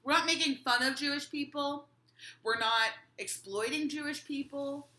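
A woman co-hosting a casual podcast chat, quick and teasing, laughing often. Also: high-pitched, bright, forceful tone, echoey room. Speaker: podcast co-host.

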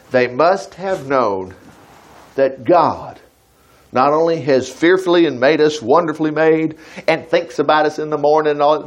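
A man preaching a conversational sermon, reading scripture aloud and breaking off into chatty, folksy asides. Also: on the high side.

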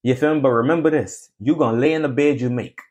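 A man's voice: medium pitch, quick pace, a little mellow. A man hosting his own podcast, giving a motivational talk in a casual, repetitive, preachy way, often asking "you feel me". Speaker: podcast host, barber. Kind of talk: motivational monologue.

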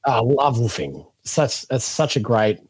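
A man in his thirties, a podcast guest telling stories in a relaxed, animated way and acting out what people said. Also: mid-range voice, unhurried, breathy edge, no echo. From Australia. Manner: animated storyteller, acts out quotes. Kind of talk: casual storytelling interview.

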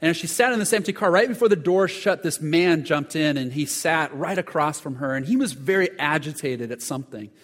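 A man's voice: on the high side, lively intonation, brisk, few pauses, a bit bright, long reverb tail. A man preaching a sermon, telling stories earnestly with frequent restarts and repeated words. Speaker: pastor.

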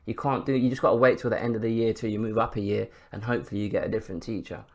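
A man's voice: on the low side, fairly even intonation, rapid-fire, a little mellow. A man hosting a podcast, giving a casual sports commentary monologue full of rhetorical questions and swearing. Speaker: podcast host.

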